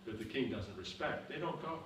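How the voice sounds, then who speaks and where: Medium in pitch and a bit bright, a man's voice moves fairly quickly with lively intonation as he teaches a seminar Q&A lecture. He answers questions using repeated examples, often asking "you understand?" The seminar room echoes, the mic is far away, and faint noise is audible.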